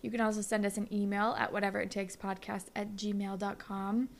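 A woman's voice: mid-range voice, little pitch movement, fairly quick. A young woman co-hosting a podcast, telling rambling stories in casual chat with lots of "like". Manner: rambling storyteller, full of "like". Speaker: podcast co-host.

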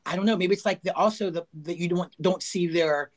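High-voiced man rambling in casual chat. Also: fairly quick. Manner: rambling, thinking aloud with many fillers.

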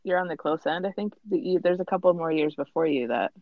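Lower-voiced teasing woman co-host. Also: quick pace, no echo, phone-quality sound. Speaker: podcast co-host. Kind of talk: casual chat.

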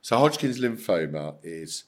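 A middle-aged man with an English accent and a very low, deep voice. He speaks bluntly and emphatically, swears freely, and acts out the voices of the people in his story. The tone is casual, like a guest talking on a chat show. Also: very animated, a little slow, a little mellow. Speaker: podcast guest, former footballer.

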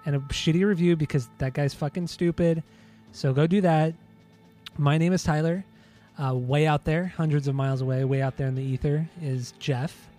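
A man hosting a casual podcast, rambling and laughing at himself, with the odd curse thrown in. His voice sits a little high but sounds dark and mellow. Faint guitar music plays underneath. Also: steady tone, moderate pace. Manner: rambling, self-mocking, swears. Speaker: podcast host.

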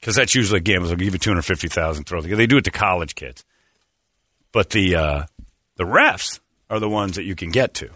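A man's voice: deep voice, fairly quick, no echo, clean studio sound. A man hosting a radio show, telling rambling stories in casual banter and acting out what people said. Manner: rambling, animated, acts out quotes.

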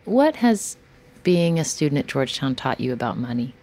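Deep-voiced woman podcast host. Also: sing-song, moderate pace, darkish tone, a little hiss or hum. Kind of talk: interview and scripted narration.

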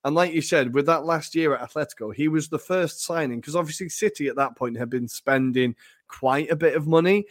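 A man's voice: on the high side, a little fast, no room sound. Male podcast co-host, casual football talk, dry close sound, hedgy and chatty. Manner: chatty, hedging with fillers and frequent laughs.

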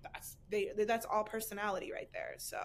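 A woman's voice: medium pitch, flat delivery, moderate pace. A young adult woman talking casually as a podcast guest, chatty and full of fillers and restarts. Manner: chatty, filler-heavy, frequent restarts and bursts of laughter. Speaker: guest influencer.

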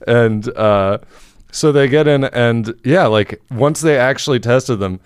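A man's voice: mid-range voice, expressive, a little slow, smooth, no room sound, clean studio sound. A man co-hosting a comedy podcast, reading out a news story and riffing on it with laughs and casual swearing. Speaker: podcast co-host.

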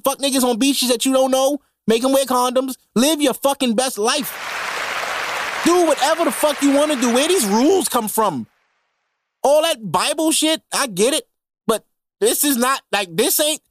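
A man's voice: very high-pitched, dry recording, studio quality. A man hosting a podcast, ranting casually and comedically with lots of slang and profanity. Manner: profane, animated, heavy slang. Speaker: podcast host.

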